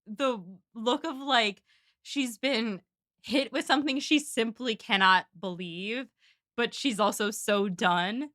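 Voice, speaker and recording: Woman cohosting a podcast, kinda high bright voice, super dry sound, does little character voices while recapping. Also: slow pace, dry recording. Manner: animated, acts out characters while retelling scenes. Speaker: podcast co-host. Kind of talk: casual chat.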